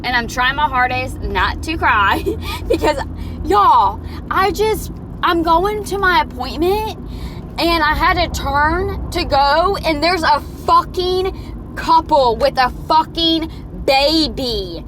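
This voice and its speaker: Woman filming herself driving, cussing and rambling, slightly high voice. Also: animated, takes it slowly, background noise. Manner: swearing, heated and rambling. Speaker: vlogger. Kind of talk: ranting while driving. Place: in a car. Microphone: phone.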